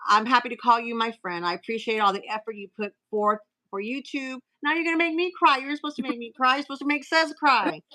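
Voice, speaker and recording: Bright-voiced chatty woman host. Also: on the high side, low-quality recording. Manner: chatty, reads cards aloud with filler pauses and restarts. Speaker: host of a live stream. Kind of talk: casual live-stream chat, reading messages aloud.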